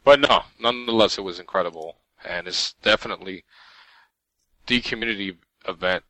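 Man, podcast co-host, bright forceful voice, rambling casual chat, dry close sound. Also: sits low, brisk, no echo, poor audio. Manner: excited, rambling, many restarts and laughs.

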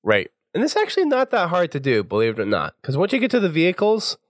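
A man's voice: high voice, fast talker, no room sound. Male walkthrough host, casual and chatty, dry close sound. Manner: relaxed, chatty, laughs often. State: recovering voice. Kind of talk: casual gameplay commentary.

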